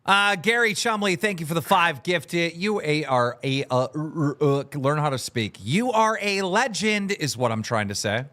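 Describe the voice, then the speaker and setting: A man hosting a livestream podcast, shouting out supporters in a sing-song hype voice and then talking low and downbeat. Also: moderate pace, hardly any pauses. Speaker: podcast host. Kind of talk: livestream podcast chat, reading out supporter names.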